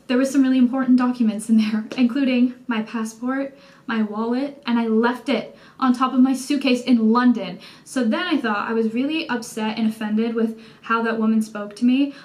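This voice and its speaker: Chatty Canadian woman telling a story. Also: fairly high pitch. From Canada, Toronto. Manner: chatty, animated storytelling, many "like" fillers. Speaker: vlogger. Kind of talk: casual storytime vlog. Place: indoors at home by a window.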